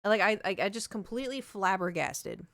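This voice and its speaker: Close on a large studio mic with no room sound, a young adult woman chats casually on a live stream. Her mid-range voice is fairly bright and a little fast, and she rambles self-deprecatingly with lots of fillers and laughs.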